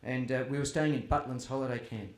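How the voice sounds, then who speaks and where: With fairly even intonation and a quick pace, a man's mid-range voice carries chatty, self-deprecating tales about his family to a live festival crowd. The audience is audible in the background of the roomy tent or hall, which has faint ambience.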